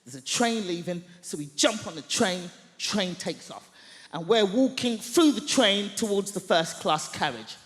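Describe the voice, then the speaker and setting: A woman stand-up comedian telling a story on a large theatre stage, loud and theatrical. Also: medium pitch, animated, a little slow, faint music behind. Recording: echoey theatre hall, faint noise.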